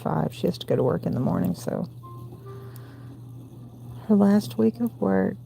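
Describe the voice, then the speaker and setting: A woman in her forties with a gravelly voice and a Southern US accent, hosting a late-night crochet livestream from home and counting stitches aloud between chatty asides. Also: low voice, big pitch swings, measured pace, pauses often, dark tone, a little hiss or hum. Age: 40s. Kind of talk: casual crochet tutorial chat.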